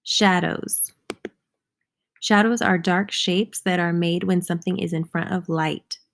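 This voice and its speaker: Slow, gravelly-voiced woman teaching children. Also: fairly low pitch, fairly even intonation. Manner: patient, spelling words out letter by letter. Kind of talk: slow, clear lesson for young children.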